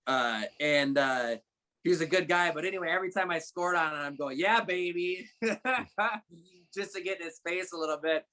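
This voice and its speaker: A young man with a fairly high voice chats as a podcast guest. He tells his stories in a loose, rambling way, full of fillers and restarts. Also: fairly quick. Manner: relaxed storytelling with frequent fillers and restarts. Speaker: guest, former college hockey player. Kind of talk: casual interview chat.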